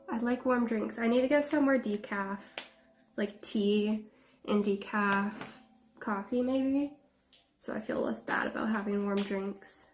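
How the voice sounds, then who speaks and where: A woman's voice: a little high, slight background noise. Chatty woman streaming while painting. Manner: chatty, laughs often, drifts closer and farther from the mic. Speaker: art streamer. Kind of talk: casual chat while painting.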